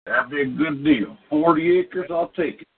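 A man's voice: fairly high pitch, moderate pace, husky. A man ranting angrily as a chat line caller, swearing constantly and stumbling over his words. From Tennessee. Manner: profane, stumbling, full of filler sounds. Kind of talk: angry phone rant. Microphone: telephone. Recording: tinny phone line with faint static.

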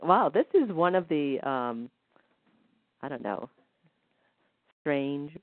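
A woman leading a guided healing session, gently counting rhythms aloud. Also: sits low, big pitch swings, slow pace, no room sound. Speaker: energy healing practitioner. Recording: dry, tinny phone-like line.

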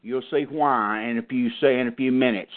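A man's voice: mid-range voice, fairly even intonation, normal speed. A man preaching in a folksy, emphatic way, repeating his key phrases and calling on a brother to read. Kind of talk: sermon teaching. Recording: phone-like narrow band.

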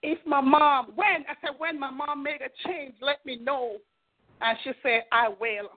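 A woman's voice: sits high, steady tone, measured pace. A middle-aged woman minister giving an earnest, fervent testimony and exhortation on a prayer call. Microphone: telephone. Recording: tinny phone line.

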